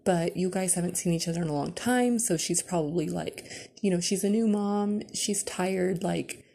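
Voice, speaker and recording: A young woman quoting her mother as a calm, reassuring middle-aged woman with a soothing, reasonable manner. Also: lowish voice, moderate pace, creaky, husky.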